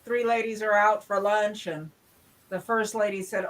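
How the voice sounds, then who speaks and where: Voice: medium pitch, measured pace, fairly bright tone, poor audio. Person telling old jokes in a casual chat, storytelling. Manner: storytelling, tells jokes with punchlines.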